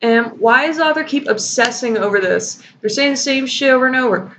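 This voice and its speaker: A woman's voice: high-pitched, expressive, fairly quick, few pauses, a bit bright. A woman hosting a sarcastic fanfiction reading and critique. She swears freely and laughs often. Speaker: host. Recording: dull lo-fi home recording with faint noise.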